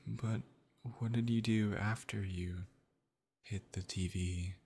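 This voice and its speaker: A man doing soothing whispered boyfriend role-play, deep and gravelly. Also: fairly even intonation, slow pace. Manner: soothing, gentle, reassuring; soft, partly unvoiced whispering.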